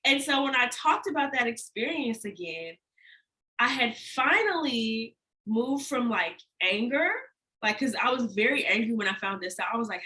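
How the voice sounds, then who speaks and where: A woman's voice: on the high side, very animated, normal speed, pushed and bright, poor audio. A young woman in a candid personal vlog, telling a painful story and laughing often, near tears at times. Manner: candid, emotional, laughs often mid-sentence. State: holding back tears. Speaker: life and healing coach.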